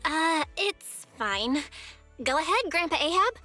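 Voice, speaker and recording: An actress voicing a polite, level-headed young woman with a calm, courteous manner in a video game. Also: sits high, measured pace, heavily acted. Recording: game audio with faint music.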